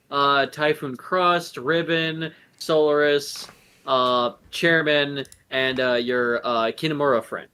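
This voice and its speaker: A man's voice: on the high side, steady tone, takes it slowly, pushed and bright, clean tone. Rambling game master man. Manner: rambling, many fillers. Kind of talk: narrating a tabletop game stream.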